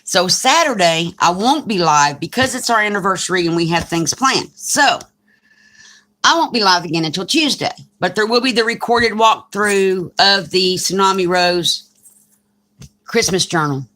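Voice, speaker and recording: A woman's voice: medium pitch, lively intonation, moderate pace, pushed and bright. A woman in her forties with a Southern US accent, chatting casually on a crafting live stream and reading comments aloud. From Alabama, US. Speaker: crafting channel host.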